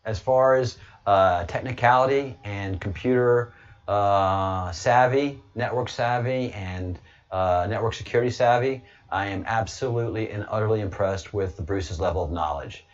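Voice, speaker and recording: A lower-voiced man chatting casually as a guest on an online show. He rambles, jokes and restarts often, and turns boastful and provocative. The audio sounds dull and lo-fi. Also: moderate pace. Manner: rambling and joking, with many restarts. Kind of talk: casual chat.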